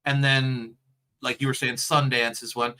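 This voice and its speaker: A man's voice: medium pitch, little pitch movement, measured pace, pushed and bright, clean tone. A man co-hosting a casual podcast, asking questions in a playful way with lots of "like" fillers. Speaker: podcast co-host. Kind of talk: casual chat.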